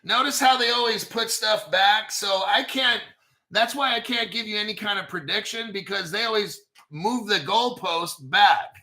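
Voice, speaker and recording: A male show host with a very bright, gravelly, high-sitting voice offers casual commentary at a moderate pace. He curses freely and answers his own asides.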